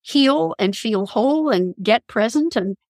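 A woman's voice: a little high, animated, a little slow, no room sound. A woman guest on a podcast interview, telling personal spiritual stories in an earnest, reflective way. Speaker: guest, author and columnist.

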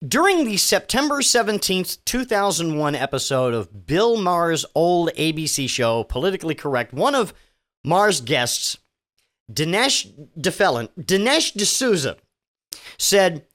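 A man's voice: a little high, big pitch swings, a little slow, fairly bright tone. A sarcastic man hosts his own solo news podcast. His voice swoops up and down as he reads out items and jeers at them. He swears freely and trips over his words, restarting his sentences. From Virginia. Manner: sarcastic, profane, stammering restarts. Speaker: podcast host.

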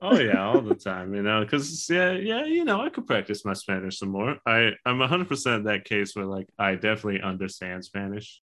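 A man's voice: on the low side, big pitch swings, a little fast, few pauses, fairly bright tone. A man in his thirties co-hosting a casual podcast chat, talking in a loose, profane way and laughing as he tells stories. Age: 30s. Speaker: podcast co-host.

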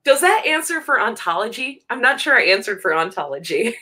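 A woman talking as a guest on a casual show, emphatic and animated, laughing often and repeating phrases for effect. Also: on the high side, a little fast. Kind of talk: casual interview talk.

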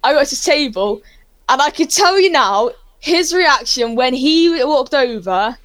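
A woman telling a story as an interview guest, excitable and rambling, often laughing. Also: high-pitched, unhurried, dry recording.

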